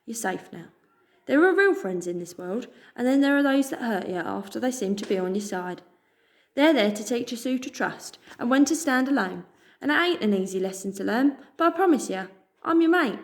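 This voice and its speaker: A woman voicing a loyal, kindly male dog with a British accent, gentle and reassuring in manner. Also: fairly high pitch, expressive, normal speed, voice pushed up. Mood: tender.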